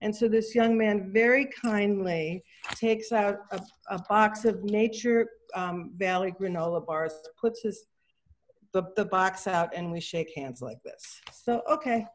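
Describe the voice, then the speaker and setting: A woman's voice: medium pitch, unhurried, slight background noise. A middle-aged woman telling a story over a video call, chatty and loose. She slips into the voices of the people in her tale, with plenty of ums and restarts along the way. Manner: chatty, acts out quoted dialogue, many fillers and restarts. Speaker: artist giving a talk. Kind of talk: casual anecdotal storytelling.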